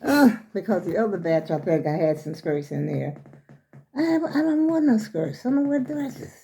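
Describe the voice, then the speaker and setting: A woman's voice: mid-range voice, big pitch swings, normal speed, mellow, muffled recording, a little hiss or hum. Rambling older woman, out of breath. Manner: chatty and rambling, addresses viewers as y'all. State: a little out of breath. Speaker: vlogger showing her clothes. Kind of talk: casual chat to viewers.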